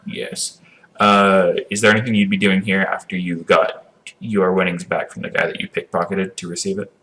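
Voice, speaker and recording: A man acting as game master, narrating a tabletop game over an online voice call, relaxed and checking details. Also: low voice, normal speed. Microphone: computer mic over online voice call.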